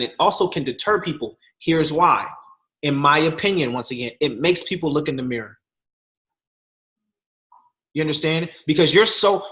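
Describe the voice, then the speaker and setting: A young man giving a casual motivational talk as a guest speaker, telling stories with voiced quotes. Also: a little high. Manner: animated storytelling with voiced quotes, slangy.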